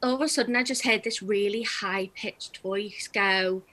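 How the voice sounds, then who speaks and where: A woman's voice: medium pitch, moderate pace, sharp tone, low-quality recording. A young woman comedian doing a chatty, self-deprecating stand-up set over a video call, laughing between jokes. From England.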